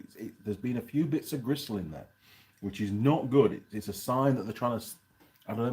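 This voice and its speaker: A man's voice: on the low side, a little mellow. A man hosting a casual live stream, reviewing a pie and chatting in a rambling way while he eats. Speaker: channel host reviewing pies on a live stream.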